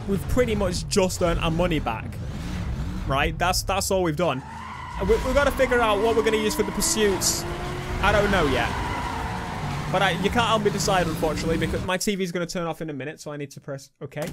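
Guy gaming on a headset, high-pitched, chatty, loud game music behind. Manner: chatty, excitable, bursts into loud exclamations. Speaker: gaming YouTuber. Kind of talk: let's play commentary.

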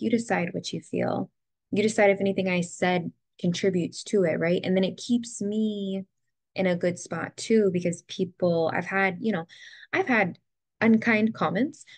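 A young woman talking to the camera in a reflective personal vlog, soft and heartfelt, near tears at times. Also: fairly low pitch, vocal fry, no room sound. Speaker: vlogger. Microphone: ring light setup, camera close to face.

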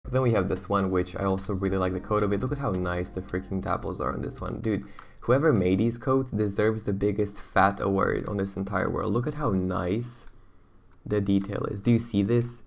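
Gravelly young man gushing over a game. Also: low-pitched, moderate pace, a little hiss or hum. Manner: excitable, slangy, rambling. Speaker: gaming YouTuber. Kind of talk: casual gameplay commentary.

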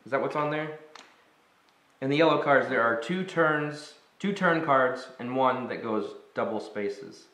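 A man's voice: mid-range voice, unhurried, roomy sound. Man thinking aloud over a board game. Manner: thinks aloud, easily excited. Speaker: co-host. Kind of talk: casual board game playthrough.

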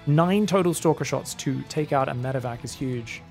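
A man's voice: medium pitch, normal speed, darkish tone, faint music behind. A man with an Australian accent doing solo esports commentary, chatty and joking with teasing asides. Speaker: esports caster.

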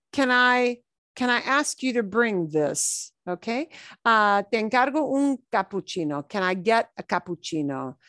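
A woman teaching a Spanish class, explaining phrases slowly and checking in with the class. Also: a little high, a bit bright, no echo, studio quality. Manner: explains words slowly, with checks like "okay?" and "right?". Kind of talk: classroom explanation over a played lesson video.

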